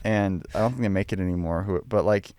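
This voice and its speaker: A man's voice: deep voice, fairly even intonation, fast talker, darkish tone, no echo, studio quality. A man co-hosting a podcast, chatting casually with a hesitant, joking manner and many restarts. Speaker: podcast co-host.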